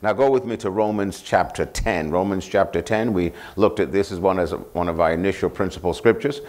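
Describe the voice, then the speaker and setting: A male pastor preaching a sermon, prompting the congregation to finish his phrases and repeating scripture references slowly for emphasis. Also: sits low, a little mellow. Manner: call-and-response, asking the congregation to finish his lines.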